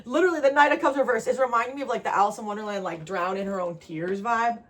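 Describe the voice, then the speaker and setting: A woman's voice: on the high side, fast talker, slight background noise. A woman with a New Jersey accent giving a casual tarot reading straight to the viewer, chatty and laughing often. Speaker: tarot reader.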